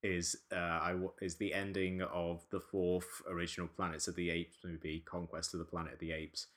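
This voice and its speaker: A man's voice: sits low, flat delivery, moderate pace, fairly bright tone. A man hosting a casual podcast discussion, talking in rambling, wry runs with frequent restarts. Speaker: podcast host.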